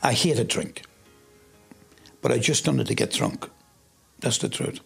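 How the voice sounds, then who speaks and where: Gravelly, husky Irish man. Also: medium pitch, a little slow, faint music behind. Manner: storytelling, animated when quoting himself. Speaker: interviewee. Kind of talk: personal testimony.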